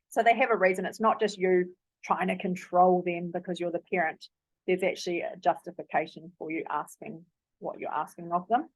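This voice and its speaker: A woman's voice: lowish voice, steady tone, fairly quick, dry recording. A woman giving parenting advice in a casual, earnest way, with frequent ums and likes. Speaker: parenting coach. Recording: dry, phone-like narrow sound.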